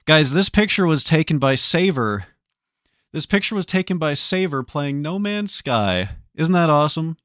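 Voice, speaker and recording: A man streaming live, chatting casually with his viewers. He gets excited easily and swears a lot while he plays. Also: a little high, moderate pace, smooth, dry recording, studio quality.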